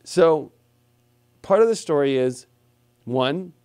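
A man hosting an astrology livestream, talking in a rambling, animated way full of fillers like "you know" and "okay". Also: a little high, slow, clean tone. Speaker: astrologer host. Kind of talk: livestream talk.

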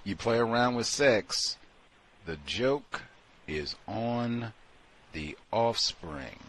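A man with a low, husky voice hosts a talk show in loose, casual commentary. He rambles and stresses his points, circling back to repeat himself, and now and then slips into the voices of the people he quotes. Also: animated, drawn-out words, fairly bright tone.

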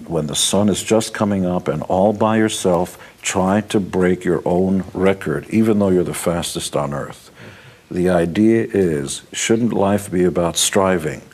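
A man's voice: sits low, darkish tone, breathy edge. A man giving motivational success advice in a blunt, wisecracking, emphatic way. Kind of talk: motivational talk.

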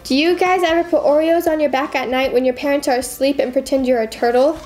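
A woman's voice: high-pitched, fairly even intonation, quick pace, a little mellow, soft background music. A young woman in casual chat, reading fan questions aloud and answering them with lots of giggling.

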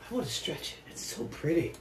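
A woman vlogger chatting casually while she paints, soft-spoken and reflective, often trailing off mid-sentence. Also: a little fast. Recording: roomy echo with faint noise.

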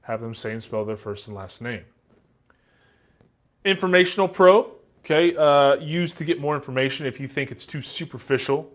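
A man's voice: medium pitch, normal speed. A man teaching a class in a casual, joking way, acting out example answers with a light Southern American accent. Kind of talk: classroom lecture.

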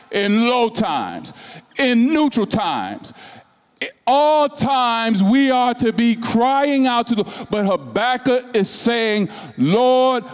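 A man preaching a sermon as pastor, slow and emphatic, with repeated rhetorical questions and passages that drop to soft, hushed tones. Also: very high voice, clean tone, long reverb tail.

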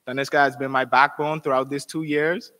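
A man's voice: mid-range voice, level tone, a little fast, pushed and bright. A young man giving a formal, heartfelt farewell address as an outgoing university title holder. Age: young adult. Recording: long reverb of a hall.

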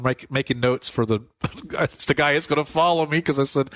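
Chatty priest telling stories, laughing often. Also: male voice, mid-range voice, moderate pace, no echo, studio quality. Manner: animated, laughs often, acts out quoted voices. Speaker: priest guest. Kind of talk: casual storytelling interview.

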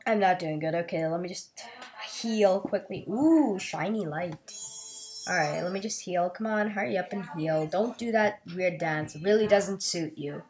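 A woman hosting a let's play, giving excitable, chatty and playful gameplay commentary. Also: lowish voice, moderate pace, soft background music. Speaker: gaming video host.

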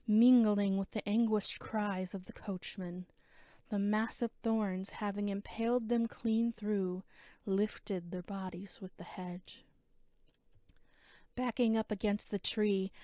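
A woman narrating a fantasy novella chapter in first person, with a measured, dramatic reading. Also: medium pitch, darkish tone, no echo, clean studio sound. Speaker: audiobook narrator.

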